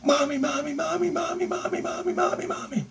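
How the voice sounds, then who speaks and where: A man voicing a frightened small child who screams over and over in a shrill wail. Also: steady tone, brisk, vocal fry, soft background music. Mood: pleading. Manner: shrill repeated wailing.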